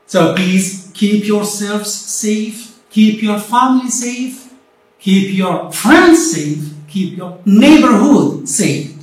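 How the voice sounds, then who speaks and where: A woman teacher giving a remote English lesson, explaining slowly and deliberately and repeating herself often. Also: mid-range voice. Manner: slow, deliberate explaining with frequent repetition. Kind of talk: recorded remote classroom lesson. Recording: very echoey room, voice far from the mic.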